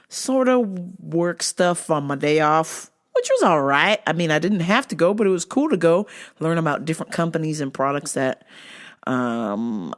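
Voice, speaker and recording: A woman hosting a solo podcast, ranting loudly and swearing freely in casual chat. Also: low voice. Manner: profane, loud, fired-up ranting. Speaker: podcast host.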